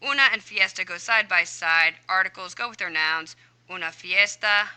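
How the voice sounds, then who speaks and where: A woman Spanish teacher explaining a homework answer key, chatty and thinking out loud as she works through each question. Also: lowish voice, moderate pace, clean tone, rough recording. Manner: chatty, talks herself through each step aloud.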